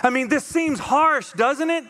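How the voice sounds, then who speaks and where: A man preaching a conversational, animated sermon as pastor, acting out the voices of the people he quotes. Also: very high voice, a little slow, big-room sound. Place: church auditorium.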